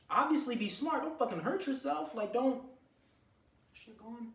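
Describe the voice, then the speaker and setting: A man's voice: very high voice, lively intonation, unhurried, creaky, fairly bright tone. A man ranting to camera with blunt, profane gym advice, lecturing the listener. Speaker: vlogger giving gym advice. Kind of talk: unscripted talking-to-camera rant. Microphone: camera mic. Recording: echoey room, far from mic.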